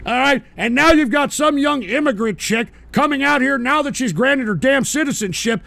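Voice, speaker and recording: A man's voice: extremely high pitch, moderate pace, creaky, hardly any pauses, sharp tone, no echo. A middle-aged American man hosting a radio talk show, ranting profanely and abrasively at his chat. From United States.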